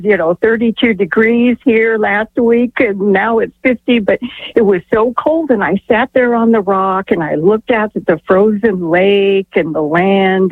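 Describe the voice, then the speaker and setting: A woman's voice: medium pitch, no echo. A woman calling in to a radio show, telling a story in a chatty, earnest way with lots of fillers. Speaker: caller. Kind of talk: rambling call-in story. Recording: tinny phone line.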